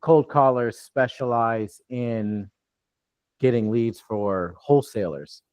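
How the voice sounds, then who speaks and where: A man's voice: medium pitch, slow pace, a little mellow, no room sound. A man from New York coaching a live online training, talking loosely with many restarts over a video call. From New York, USA. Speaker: real estate deal coach.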